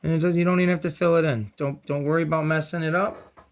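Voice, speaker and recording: A man's voice: on the high side, fairly even intonation, fast. A man hosting a casual painting and crafts tutorial, chatty and encouraging, with joking slangy asides. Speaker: host of a toy and craft channel.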